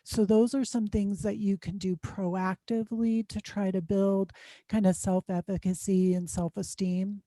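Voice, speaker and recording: Woman expert explaining stuff w lots of ums, super mellow dark voice, dry close sound. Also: medium pitch, little pitch movement, a little slow, dry recording. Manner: explanatory, frequent "um" fillers. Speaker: guest expert on student success. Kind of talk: conversational advice in an interview.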